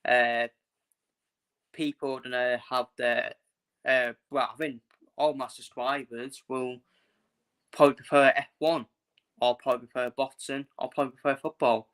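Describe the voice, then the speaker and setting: A man from England talks football with a bright, forceful voice, hammering the same points again and again. He speaks bluntly and emphatically, like a vlogger ranting to his viewers. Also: medium pitch, flat delivery, a little slow, pauses often, clean tone. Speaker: football channel host. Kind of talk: casual ranting match preview.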